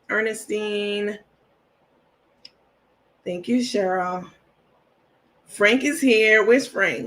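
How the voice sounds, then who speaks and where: A woman's voice: lowish voice, fairly bright tone. A woman hosting a casual livestream, chatty and laughing often, greeting viewers by name. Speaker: livestream host.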